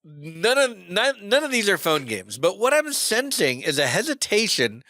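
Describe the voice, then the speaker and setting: Male podcast co-host, relaxed and chatty, bright smooth tone, dry close mic. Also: high voice, moderate pace, dry recording. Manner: laid-back, chatty, lots of fillers. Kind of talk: casual chat.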